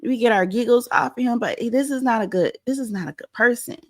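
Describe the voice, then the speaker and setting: A young adult woman hosting a pop-culture commentary show, animated and blunt, acting out quotes as she goes. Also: on the high side, a little fast. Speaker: host.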